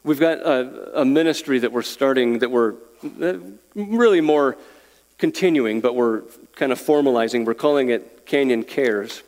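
A man's voice: mid-range voice, moderate pace, darkish tone. A man preaching a sermon as pastor, earnest, chuckling and repeating words as he makes his points. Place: church sanctuary. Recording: long reverb of a church hall.

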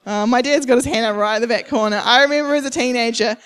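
A woman's voice: fairly high pitch, fast, a bit bright, clean tone. A young adult woman preaching a sermon at a church service, emphatic and repetitive, acting out the people she quotes.

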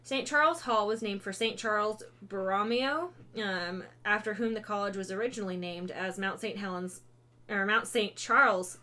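A woman's voice: medium pitch, normal speed, few pauses, sharp tone. A woman hosting a casual podcast, reading ghost stories aloud with many fillers and self-corrections, breaking off to joke. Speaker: podcast host.

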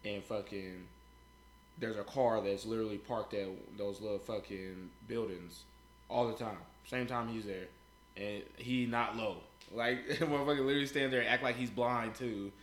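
A man's voice: lowish voice, steady tone, moderate pace, a bit bright, roomy sound. A man co-hosting a podcast, talking in a blunt, profane, casual way. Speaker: podcast co-host. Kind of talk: casual chat.

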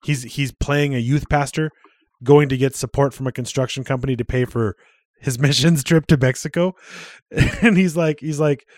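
A man's voice: mid-range voice, normal speed, darkish tone, no echo, studio quality. A man co-hosting a podcast in casual chat, swearing freely and laughing often. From Canada. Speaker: podcast co-host.

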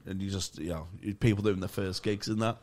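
A man's voice: sits low, fairly even intonation, a little mellow. Young man, comedy podcast co-host, sweary anecdotes broken up by laughs. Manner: sweary and laughing, rapid bursts. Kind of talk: casual chat, comic storytelling.

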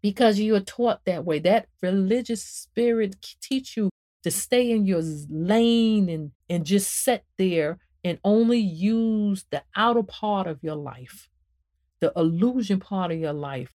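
A woman hosting a spiritual podcast and talking about her book, preaching to listeners in an animated, emphatic way and repeating phrases for emphasis. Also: measured pace. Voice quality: emphatic and animated, swings up and down in pitch. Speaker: podcast host and author.

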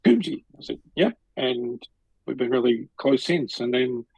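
A man's voice: medium pitch, a little slow, creaky, darkish tone, breathy edge, dry recording, low-quality recording. A middle-aged man, co-hosting a podcast and telling stories in a casual, rambling way full of restarts. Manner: chatty, storytelling with lots of restarts. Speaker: podcast co-host. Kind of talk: casual chat.

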